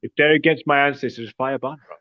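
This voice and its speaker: A man's voice: mid-range voice, fairly even intonation, quick pace, a crowd in the background. A man in casual live panel banter, fired up, swearing and chanting slogans. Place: live online audio panel. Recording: dull lo-fi online call audio.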